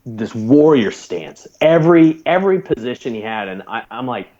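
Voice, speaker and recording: A man's voice: mid-range voice, normal speed, dull audio. A man in his thirties, a former Navy corpsman, telling a profane story animatedly as a guest on a casual podcast. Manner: profane, animated anecdote telling with put-on quotes.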